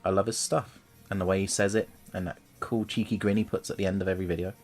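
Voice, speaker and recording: A man's voice: low-pitched, fairly even intonation, fast talker, darkish tone, soft background music. A man, chatting casually and jokingly while streaming himself painting miniatures. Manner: chatty, jokey, rambling. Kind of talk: casual chat.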